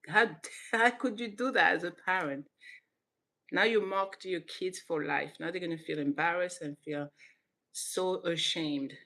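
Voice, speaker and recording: Animated woman host chatting casually. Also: low-pitched. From Senegal, raised in southern France. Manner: animated, laughs often, restarts sentences. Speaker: channel host. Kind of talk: casual commentary to camera.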